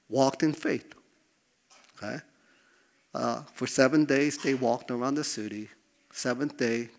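A man preaching a sermon, asking the congregation to respond and checking in often with "okay?". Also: medium pitch. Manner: preaching with call-and-response prompts, frequent "okay?". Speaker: pastor.

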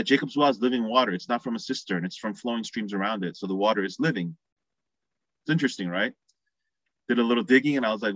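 A man's voice: mid-range voice, fairly bright tone, no echo. Conversational male preacher, muffled audio. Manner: conversational, acts out quoted voices. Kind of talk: sermon.

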